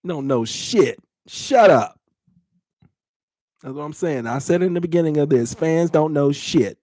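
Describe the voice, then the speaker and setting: A podcast host in his thirties talks bluntly to his live chat in a casual show, teasing and laughing often. His voice is on the high side and a little slow, darkish in tone with lively intonation, recorded dry and clean in a studio.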